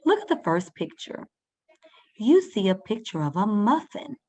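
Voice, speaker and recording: A woman's voice: medium pitch, sing-song, unhurried, mellow. A woman teaching a first-grade reading lesson, patiently sounding out words and guiding young children step by step.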